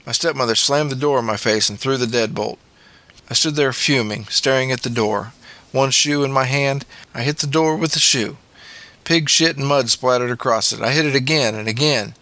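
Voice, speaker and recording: A man's voice: medium pitch, normal speed, sharp tone, dry recording. A man narrating a memoir audiobook in a plain, matter-of-fact way.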